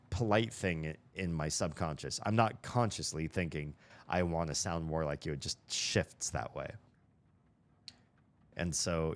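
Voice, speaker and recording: Deep-voiced american guy streaming a game, neutral accent, rambles on to chat with lots of restarts. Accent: neutral General American. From United States. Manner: chatty, rambling, thinks aloud with restarts. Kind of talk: casual livestream chat while gaming.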